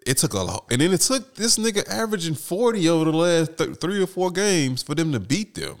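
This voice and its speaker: A man's voice: on the high side, sing-song, a little fast. A man in a casual sports debate, arguing animatedly with loose slang.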